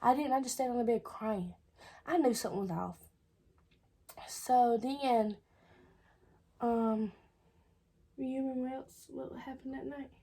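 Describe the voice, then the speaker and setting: Husky young woman telling a story. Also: on the high side, a little slow, long pauses, dark tone. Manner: chatty, repeats "I was like". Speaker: vlogger. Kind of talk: casual storytelling.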